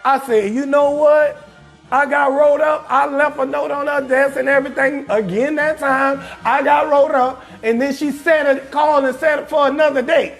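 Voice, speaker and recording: A man comedian hosting his show, telling a profane comic story in a loud, emphatic way and often shouting his punchlines. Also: very high voice, steady tone, moderate pace, gravelly, hardly any pauses, soft background music. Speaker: comedian host.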